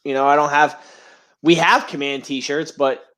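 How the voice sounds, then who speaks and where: A man co-hosting a podcast, talking in loose, rambling banter with plenty of swearing. His voice sits a little higher than most men's. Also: fairly even intonation, a little slow, fairly bright tone. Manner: rambling, profane, joking. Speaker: podcast co-host.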